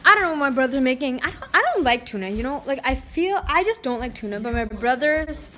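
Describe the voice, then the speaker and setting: A woman's voice: high voice, expressive, a little fast, sharp tone, a little hiss or hum. A teenage girl chatting casually in a vlog on a handheld phone, bubbly and slangy. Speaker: vlogger. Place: home and stores, filmed on the go.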